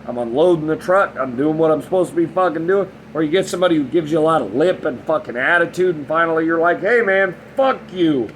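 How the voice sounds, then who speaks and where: A man's voice: fairly high pitch, quick pace, hardly any pauses, slight background noise, low-quality recording. A man in his thirties talking bluntly and frankly in a casual monologue, rambling and swearing a lot. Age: 30s. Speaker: vlogger.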